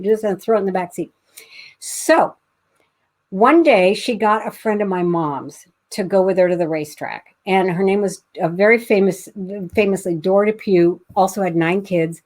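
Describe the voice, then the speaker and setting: A middle-aged woman from Pasadena, a guest author, telling a family anecdote in casual conversation with many fillers and restarts. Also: medium pitch. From Pasadena, California.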